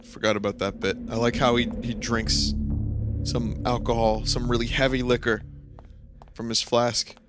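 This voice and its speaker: A man with a thick New York accent chats casually while he plays a game on stream, drifting into long, profane stories and restarting his sentences. His voice sits at an ordinary middle pitch. Loud game music plays under everything he says. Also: flat delivery, normal speed. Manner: rambling, profane storytelling with many restarts. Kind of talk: casual gameplay commentary.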